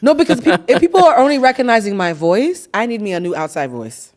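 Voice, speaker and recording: A woman hosting a podcast in casual chat, animated and laughing, acting out bits of dialogue with plenty of swearing. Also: fairly high pitch, fast talker. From Haitian-Cuban family. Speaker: podcast host.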